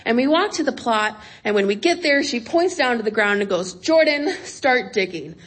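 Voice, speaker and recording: A woman's voice: a little high, a little fast. Wry woman telling a story on stage. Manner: lively, wry comic timing.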